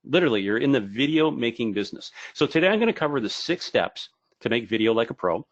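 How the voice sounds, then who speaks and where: Animated joking male presenter, lively pitch. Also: fast, no echo, highs cut off. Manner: animated, jokey, self-deprecating. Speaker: video marketing speaker. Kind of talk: webinar presentation to brokers.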